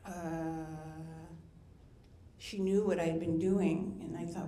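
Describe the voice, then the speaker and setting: A woman's voice: on the low side, little pitch movement, slow pace, long pauses, dark tone, reverberant, slight background noise. A woman performing a candid, confessional personal story as a storyteller.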